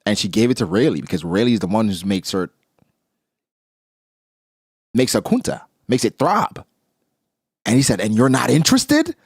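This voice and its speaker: An excitable man gives casual reaction commentary, his voice gravelly and a little husky. His pitch swings widely as he exclaims and jokes. The sound is dry and close. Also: moderate pace, pauses often, no room sound. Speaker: manga reaction streamer.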